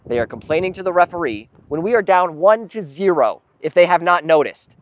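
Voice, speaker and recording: A man doing partisan play-by-play for his club's live stream, getting frustrated and sometimes yelling at calls. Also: high-pitched, lively intonation, a little fast, dry recording. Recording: dull lo-fi live stream audio with noise.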